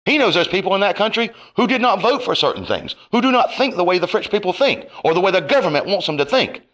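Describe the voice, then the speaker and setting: A man's voice: high-pitched, big pitch swings, quick pace, a bit bright. A man delivering a profane, confrontational rant to camera, his heat rising and falling. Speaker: online commentator.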